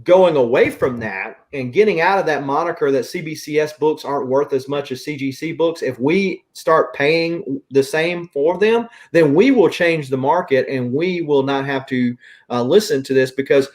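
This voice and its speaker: A man's voice: on the high side, normal speed. A man with a Southern US accent hosting a casual chat and ranting in an opinionated way. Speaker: host.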